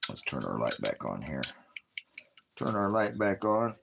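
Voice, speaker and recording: A man's voice: fairly low pitch, wildly swooping pitch, a little slow, vocal fry, noisy background. A man chatting casually and rambling on a livestream at home, often talking fondly to his dogs. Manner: talks to his dogs in a doting, repetitive way. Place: at home indoors.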